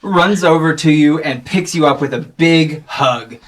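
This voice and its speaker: A man narrating a scene as game master in a playful, animated way. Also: a little high, unhurried.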